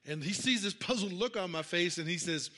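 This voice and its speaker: A middle-aged male pastor preaches in a loose, conversational way, tripping over fillers and restarting his sentences. His voice sits a little high for a man and sounds bright and forward. He keeps checking in with the congregation and asking for amens. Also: lively intonation, brisk. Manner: conversational, many fillers and repeated starts, calls for amens. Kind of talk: sermon with personal story.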